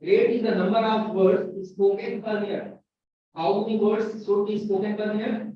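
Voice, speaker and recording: High-voiced Indian man lecturing in echoey hall. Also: little pitch movement, a little hiss or hum. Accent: Indian English. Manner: slow, spells and repeats words for emphasis. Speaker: university lecturer. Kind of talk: classroom lecture. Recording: very echoey, distant, dull lo-fi sound.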